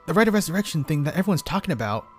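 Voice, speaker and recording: A man's voice: big pitch swings, racing, soft background music. A man voicing a curious, teasing young male detective in a mystery game, with a lifted, eager tone. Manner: eager, curious, raised pitch.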